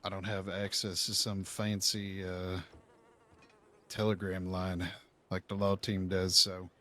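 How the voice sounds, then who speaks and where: A man in a game role-play, talking in a calm, steady, helpful way. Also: sits low, takes it slowly. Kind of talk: in-character role-play chat.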